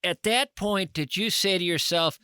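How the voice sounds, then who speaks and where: A man's voice: high-pitched, normal speed, bright, forceful tone, smooth, no echo, studio quality. A man hosting a podcast interview, teasing his guest with wry, mock-outraged asides in casual chat. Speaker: podcast host.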